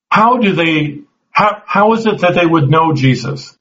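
A man's voice: high-pitched, normal speed, few pauses, fairly bright tone, muffled recording. A man teaching a Bible class, earnest, often restarting his words and putting questions to the group.

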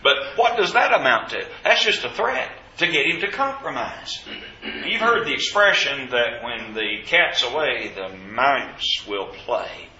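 A man leads a Bible class, reading scripture and quizzing his students in a bright, forceful voice. The recording is roomy and a little dull and lo-fi, as if taped in a church classroom. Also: mid-range voice, very animated, unhurried.

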